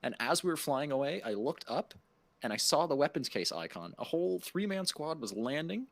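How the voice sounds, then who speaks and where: A man's voice: a little high, moderate pace, gravelly, dry recording. A man in casual podcast chat, recounting a game mishap with plenty of swearing. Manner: animated gaming anecdote, swearing.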